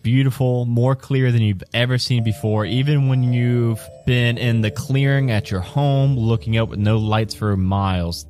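A man with a lowish voice narrates a tabletop role-playing scene as game master. He paints the picture in detail and often laughs between lines, with faint music underneath. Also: darkish tone.

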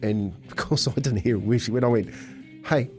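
A New Zealand man on breakfast radio, telling a funny story with lots of laughter. His voice sits at an ordinary middle pitch, with faint music underneath. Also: brisk. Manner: laughing, animated anecdote. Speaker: radio co-host. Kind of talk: storytelling banter.

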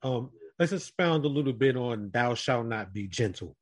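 A man's voice: mid-range voice, lively intonation, normal speed. A man leading a casual group podcast chat, telling an earnest personal story and speaking directly to the others around him.

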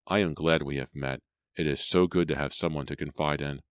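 An anxious young man speaks formally and earnestly in a very deep, low voice. A man reads him in his own voice for an audiobook. The sound is dry and close. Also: steady tone, brisk, dry recording.

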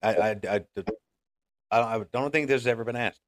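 A man's voice: medium pitch, a little fast, no echo, clean studio sound. A man co-hosting a podcast, teasing his partner in casual banter. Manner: laughing, teasing. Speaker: podcast co-host.

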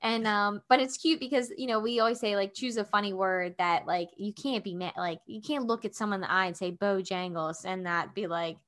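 A woman co-hosting a casual couples podcast, telling stories in a rambling, animated way full of filler words. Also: mid-range voice, brisk, few pauses. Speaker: podcast co-host.

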